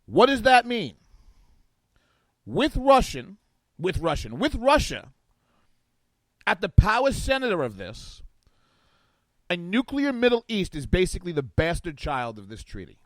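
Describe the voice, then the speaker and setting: A man's voice: high voice, huge pitch swings, unhurried, pauses often, fairly bright tone, dry recording, poor audio. A man guest-hosting a political talk radio show, reading from an article and riffing on it sarcastically at a studio microphone.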